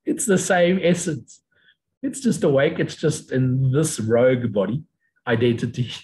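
A man giving an unscripted spiritual lecture, blunt and profane, mocking other views in sudden high voices. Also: unhurried, a little mellow, rough recording. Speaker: spiritual teacher.

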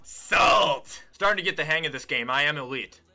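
A young man giving profane, excitable commentary while playing a football video game, swinging from mutters to shouts. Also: on the high side, normal speed, noisy background. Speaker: gaming YouTuber. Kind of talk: profane live gameplay commentary.

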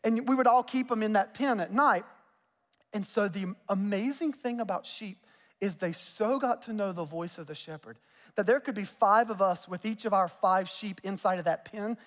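A man in his forties with a Southern US accent, preaching a conversational sermon with quick joking asides. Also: high-pitched, a bit bright. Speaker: pastor. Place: church sanctuary. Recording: long reverb of a church hall.

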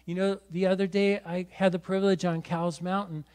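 A man's voice: high voice, level tone, fairly quick, a little mellow, clear, resonant tone. A middle-aged man, a pastor preaching a sermon in church, exhorting and often adding "right?". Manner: exhorting, repeats words and adds "right?". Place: church sanctuary.

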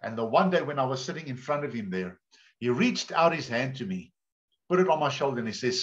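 A man's voice: medium pitch, lively intonation, quick pace, fairly bright tone. A male pastor preaching a sermon, telling stories in a chatty way and often repeating words. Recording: dull lo-fi sound.

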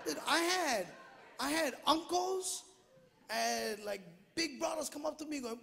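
A middle-aged man from Hawaii, speaking English with a Hawaiian Pidgin accent, doing an animated stand-up comedy routine full of shouted punchlines and acted-out voices. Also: extremely high pitch, normal speed, gravelly. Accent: Hawaiian Pidgin-tinged English. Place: large theater stage. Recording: live theater with echo, crowd laughter and noise. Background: audience laughing.

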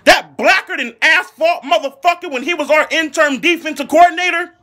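Furious high-voiced man in a shouting rant. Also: a little fast. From Philadelphia. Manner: furious, mocking, heavy swearing, shouting bursts. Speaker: angry football fan ranting. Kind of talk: profane comedic sports rant.

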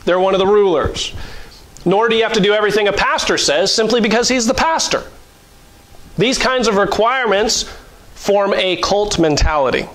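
High-voiced man preaching a sermon. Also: normal speed, fairly bright tone, low-quality recording. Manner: conversational preaching with mock-voiced asides and chuckles. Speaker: pastor.

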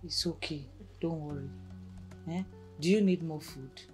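A lower-pitched, motherly village woman soothes gently, with soft coaxing tags between phrases. Faint film music plays under her. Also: measured pace. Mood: soothing. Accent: Nigerian. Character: kind motherly older village woman, comforting.

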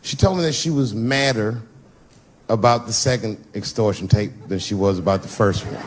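A man doing stand-up, telling family stories and acting out high, shouting voices for his son and wife, recorded live on a comedy stage. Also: normal speed. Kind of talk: stand-up storytelling. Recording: live club set with audience noise.

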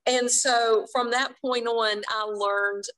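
A woman guest author telling a personal faith story in an interview, earnest and quick to laugh. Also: fairly high pitch, steady tone, a bit bright, poor audio.

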